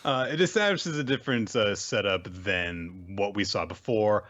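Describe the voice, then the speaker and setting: A man's voice: fairly low pitch, moderate pace, a bit bright, dull audio. A man co-hosting a podcast, chatting in a thoughtful, hesitant way. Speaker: podcast co-host. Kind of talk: casual chat.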